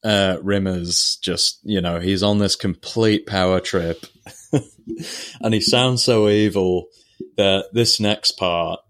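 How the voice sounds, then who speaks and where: A man's voice: deep voice, fairly even intonation, takes it slowly, fairly bright tone. A man co-hosting a podcast, chatting casually as he retells TV scenes and acts out quoted lines. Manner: retells scenes, acting out quotes in put-on voices. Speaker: podcast co-host. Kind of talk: casual chat recapping a TV episode.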